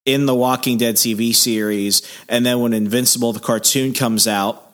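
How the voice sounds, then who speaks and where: Male podcast co-host, relaxed, offhand chat. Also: mid-range voice, normal speed.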